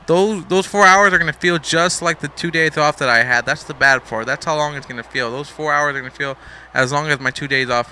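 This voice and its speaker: A man's voice: mid-range voice, creaky, pushed and bright, slight background noise. A young man casually commentating a wrestling video game, rambling, joking and swearing, a bit sleepy. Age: young adult. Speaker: gameplay commentator.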